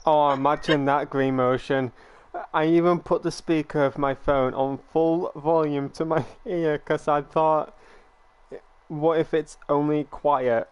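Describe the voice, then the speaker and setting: Man, streamer, smooth clear voice, casual chat. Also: on the high side, steady tone, no echo. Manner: storytelling, quick and playful. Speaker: streamer host.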